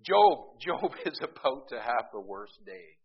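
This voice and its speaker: A man's voice: mid-range voice, big pitch swings, slow. A man preaching a sermon as pastor, calling out to the congregation for an amen between points. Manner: calls out "amen?" to the congregation, emphatic rises. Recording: dull lo-fi recording.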